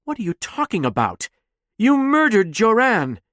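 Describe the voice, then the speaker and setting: Guy doing a mocking lady officer, pitched up, pretty theatrical. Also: big pitch swings, measured pace, no room sound, studio quality. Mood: angry. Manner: taunting, theatrical, demanding. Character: cold, needling woman officer interrogating.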